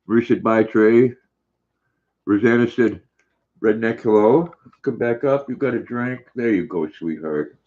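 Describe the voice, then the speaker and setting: Older male stream host, low-pitched, laid-back, reads chat aloud; dull lo-fi audio. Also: unhurried. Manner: relaxed, friendly, chatty. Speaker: livestream host. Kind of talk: casual livestream chat, reading comments aloud.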